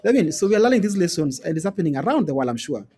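A man with a Kenyan accent, a guest telling stories in an interview, animated and often repeating words and laughing. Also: a little high, very fast, faint music behind. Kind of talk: storytelling in conversation.

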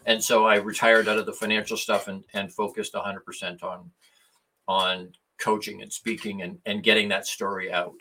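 A man's voice: fairly low pitch, moderate pace, rough recording. A man, a coach and author appearing as a guest, telling a story in casual conversation and acting out the dialogue as he goes. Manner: animated retelling, acting out quoted dialogue.

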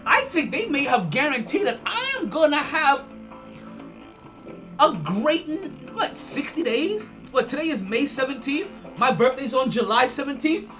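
High-voiced, animated sports podcast host. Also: male voice, measured pace, soft background music. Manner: animated, repetitive restarts, laughs and swears when excited. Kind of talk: casual sports podcast monologue.

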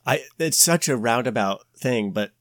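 A man hosting a podcast, talking in a rambling, animated way with many restarts. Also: medium pitch, normal speed, no room sound, studio quality. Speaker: podcast host. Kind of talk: casual podcast chat.

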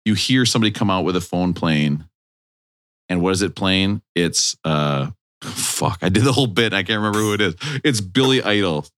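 A man's voice: deep voice, animated, normal speed, a bit bright. A man telling rambling comic bits on a casual podcast, swearing often. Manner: rambling joking storyteller, swears freely. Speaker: podcast co-host. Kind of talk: casual comedic chat.

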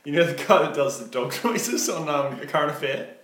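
A man's voice: a little high, expressive, fairly quick. An Australian man co-hosting a podcast, cracking crude jokes in casual banter. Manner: joking, crude asides. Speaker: podcast co-host. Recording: echoey room with faint noise.

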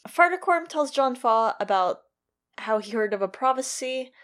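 A woman co-hosting a podcast, talking casually and thoughtfully about a TV episode with quick asides. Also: high-pitched, expressive, fairly bright tone. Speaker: podcast co-host. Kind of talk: casual chat recapping a TV episode.

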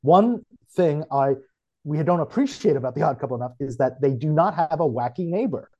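A man co-hosting a podcast, casually thinking aloud about a show's script with halting restarts. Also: a little high, animated, mellow, dull audio. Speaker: podcast co-host. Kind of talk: casual chat.

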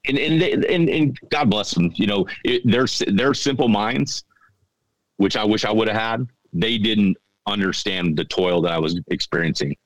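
A middle-aged man telling a story on a podcast in a halting, earnest way, often repeating his words. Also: on the low side, dry recording, low-quality recording. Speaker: podcast guest. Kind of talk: casual storytelling.

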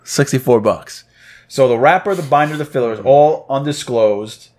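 A relaxed man of medium pitch co-hosts a casual podcast. He talks in a loose, easygoing way and swears now and then without thinking about it. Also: normal speed. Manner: laid-back, swears casually. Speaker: podcast co-host. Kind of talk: casual chat.

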